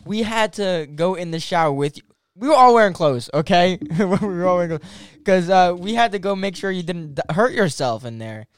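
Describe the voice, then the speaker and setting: A man's voice: sits high, moderate pace, smooth, no echo. A man in his twenties hosting a casual podcast chat, telling stories with lots of laughter and casual swearing. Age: 20s. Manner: animated storyteller, laughs often, swears casually. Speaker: podcast host.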